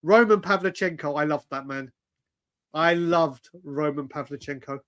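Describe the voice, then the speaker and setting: A man's voice: on the high side, normal speed, fairly bright tone. A man, telling stories animatedly on a casual live stream, swearing and saying "mate" constantly. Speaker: co-host.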